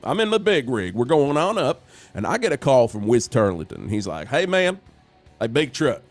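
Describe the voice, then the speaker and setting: A man's voice: mid-range voice, big pitch swings, normal speed, soft background music. A man playing a folksy, rambling trucker who fills in as a radio host in an improvised comedy parody, easily sidetracked.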